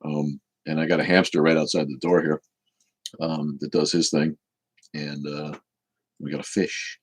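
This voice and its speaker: A very low, husky man in his fifties. He hosts a casual live Q&A, answering bluntly and swearing freely. His voice sits at the deep bottom of the range. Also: little pitch movement, measured pace. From United States. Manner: blunt, profane, opinionated. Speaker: show host. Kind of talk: live-stream Q&A chat.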